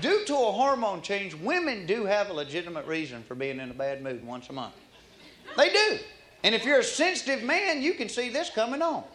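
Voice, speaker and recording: High-pitched man doing stand-up. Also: lively intonation, fairly quick, fairly bright tone. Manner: folksy, drawling storyteller. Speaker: stand-up comedian. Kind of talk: stand-up routine. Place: comedy club stage. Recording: live club recording, roomy, audience noise. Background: audience laughter.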